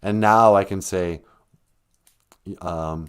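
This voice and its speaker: Rambling man with a lively pitch. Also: a little slow, pauses often. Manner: rambling, laughs often. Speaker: podcast host. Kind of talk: casual live-stream chat.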